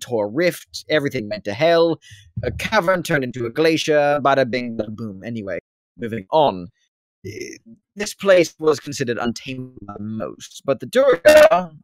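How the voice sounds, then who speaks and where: A rambling, fussy slave-owner with a British accent, as a man puts him on for a tabletop game. He talks formally in a middle-pitched voice and wanders off topic. The sound is dry and close, with no room around it. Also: dry recording, lightly acted. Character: rambling male former slave turned wealthy slave-owner. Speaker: non-player character. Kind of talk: tabletop role-play voicing.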